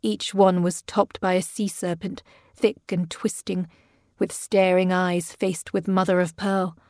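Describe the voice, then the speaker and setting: A woman narrating a gothic story in a measured, even audiobook reading. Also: fairly low pitch, no room sound, clean studio sound. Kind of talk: scripted narration.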